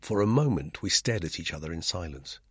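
A man narrating a first-person novel in a tense, lively way, recorded in a dry studio. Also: low-pitched, fairly quick, breathy edge, no room sound. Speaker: audiobook narrator.

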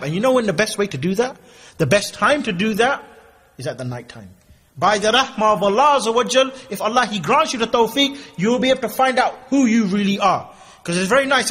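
Husky high-voiced preacher, jokey. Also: male voice, fairly bright tone. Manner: humorous, conversational, acts out asides. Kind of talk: casual Islamic lecture.

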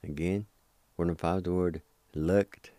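Slow deep-voiced man teaching vocabulary. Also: fairly even intonation, mellow, dry recording. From Oklahoma, United States. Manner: spells and pronounces words syllable by syllable, patient and repetitive. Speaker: language teacher and radio host. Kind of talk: slow spoken vocabulary lesson.

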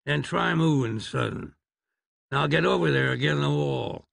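A man doing a slow-drawling frontier marshal. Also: a little high, gravelly, fairly bright tone, no room sound, exaggerated voice. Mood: menacing drawl. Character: stern older male frontier marshal, dry humour.

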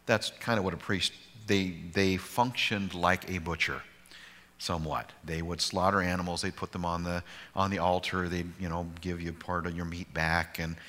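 A man's voice: low-pitched, steady tone, moderate pace, a bit bright, long reverb tail. A man pastor teaching a conversational bible study with informal, digressive talk and self-deprecating humor.

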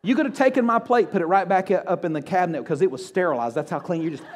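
A pastor preaches with lively storytelling, slipping into the voices of the people he quotes. His voice sits a little high for a man. The sound rings with the long reverb of a church hall. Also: quick pace. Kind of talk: sermon. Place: church sanctuary.

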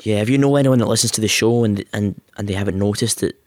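Easygoing low-voiced podcast co-host. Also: male voice, no room sound, clean studio sound. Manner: easygoing, slightly halting. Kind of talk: casual chat.

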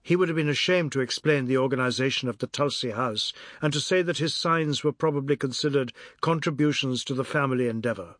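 A man narrating a novel in a measured storytelling manner. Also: mid-range voice, a bit bright, no room sound. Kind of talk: audiobook narration. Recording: dry close studio sound.

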